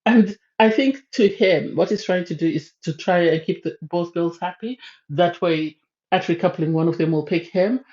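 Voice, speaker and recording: A woman's voice: lowish voice, moderate pace, a little mellow. A woman giving a chatty, opinionated spoken review of a reality dating show. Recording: slightly dull lo-fi sound.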